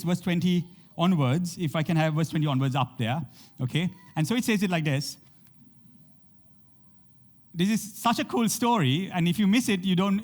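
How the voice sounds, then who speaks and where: A man preaching a sermon to a congregation, reading scripture aloud and often checking in with "okay?". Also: a little high. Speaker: pastor.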